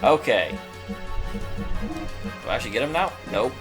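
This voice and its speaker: A man's voice: medium pitch, big pitch swings, normal speed, loud music behind the voice, rough recording. A man giving casual, joking commentary while streaming a video game, chatty and full of "like". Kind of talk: casual let's-play commentary.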